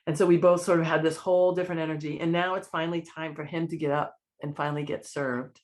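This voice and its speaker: A woman's voice: low-pitched, quick pace, few pauses. A woman, a podcast guest, telling a personal story in an earnest, emotional way and acting out the dialogue. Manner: earnest, emotional, lively retelling with quoted dialogue.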